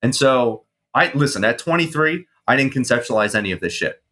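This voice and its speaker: A man in his thirties, a guest on an interview show, telling his story casually with swearing and animated reenactments of his past self. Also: medium pitch, fairly quick. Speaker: guest, mindset coach and firefighter.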